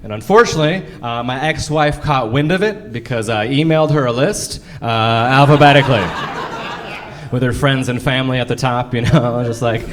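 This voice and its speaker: A man's voice: medium pitch, normal speed, fairly bright tone, slight background noise. A man in his thirties doing a stand-up comedy set live on stage. He jokes about himself, chats with the crowd and chuckles through his own punchlines. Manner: self-deprecating, laughs through his punchlines; chatty crowd work with the audience.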